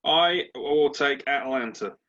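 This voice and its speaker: Crude bright-voiced podcast host. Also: male voice, medium pitch, slow. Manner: crude, swearing, animated banter. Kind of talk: casual sports chat. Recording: dull lo-fi podcast audio.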